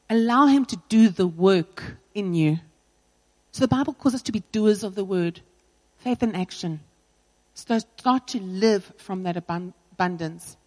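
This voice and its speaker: A woman's voice: medium pitch, long reverb tail, rough recording. A woman pastor preaching a sermon in an earnest, personal way, driving her points home with repetition.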